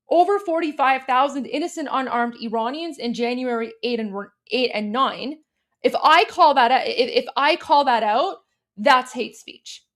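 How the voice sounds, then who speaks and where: A woman with a high voice co-hosts a political talk show. She is indignant and sarcastic and doubles up words as she gets heated. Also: a bit bright. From Canada. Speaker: political commentator and co-host. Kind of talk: casual political chat.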